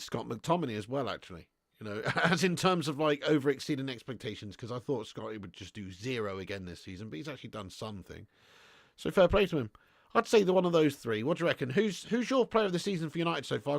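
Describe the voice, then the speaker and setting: A man's voice: mid-range voice, creaky, no echo, clean studio sound. A young man hosting a live football watch-along, chatting casually, laughing often and answering viewers' comments.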